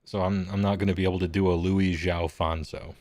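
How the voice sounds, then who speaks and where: Deep-voiced guy gm just rambling casually, laughs at himself a lot. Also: little pitch movement, fairly quick, a little mellow. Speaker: game master. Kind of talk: casual chat before a live-streamed game.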